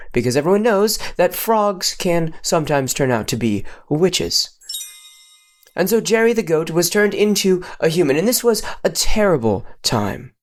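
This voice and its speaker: A man improvising a silly story with playful, mock-solemn narration and sudden pitch jumps.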